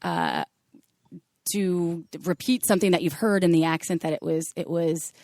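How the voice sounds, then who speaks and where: A woman's voice: lowish voice, normal speed, no room sound. Chatty woman podcast co-host, dry sound. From Wisconsin. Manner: chatty, animated storyteller who jokes about doing accents. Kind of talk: casual chat.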